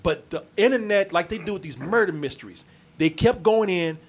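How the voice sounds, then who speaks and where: A man's voice: high-pitched, lively intonation, moderate pace. A man hosting a casual podcast chat, a loose, profane storyteller who laughs often. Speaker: podcast host.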